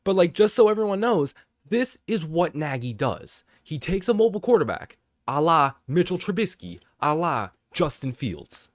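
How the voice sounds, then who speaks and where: Exasperated, profane man ranting solo to camera; very animated pitch, dry recording. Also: normal speed, dry recording. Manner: exasperated, profane, rambling with restarts. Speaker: sports fan vlogger. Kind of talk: casual ranting monologue to camera.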